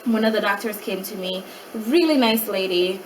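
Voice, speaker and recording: A mother in a casual vlog, retelling a hospital night in an animated way and acting out what other people said. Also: mid-range voice, normal speed, distant mic, slight background noise, low-quality recording. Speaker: mother of a child with a rare syndrome.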